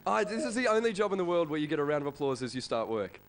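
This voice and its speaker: A man with an Australian accent doing an energetic stand-up routine, working the crowd and shouting impressions. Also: a little high, racing. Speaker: stand-up comedian. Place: comedy club stage. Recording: live comedy club with crowd and noise.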